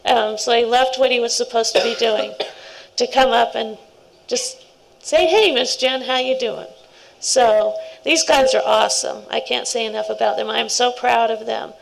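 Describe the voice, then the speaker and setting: A middle-aged woman speaks at a scout ceremony, warm and rambling, breaking into laughing asides. Her voice sits a little high and carries a gravelly fry. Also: flat delivery, normal speed, low-quality recording. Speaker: scout leader. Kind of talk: speech at a ceremony.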